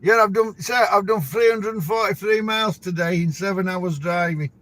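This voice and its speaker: A man's voice: sits high, moderate pace, fairly bright tone. A middle-aged man with a Yorkshire accent, a truck driver talking casually to camera in a rambling, chatty way. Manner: rambling, chatty, laughs between stories.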